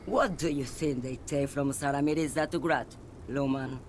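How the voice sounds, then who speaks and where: A man voicing a weary, detached woman truck driver, talking in an unhurried, dreamy, aloof way. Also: mid-range voice, steady tone, slight background noise, natural voice.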